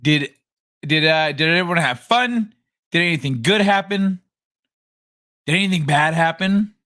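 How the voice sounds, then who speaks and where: A man's voice: fairly high pitch, animated, measured pace, pushed and bright. A man hosting a casual livestream, rambling and joking as he greets viewers by name. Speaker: livestream host.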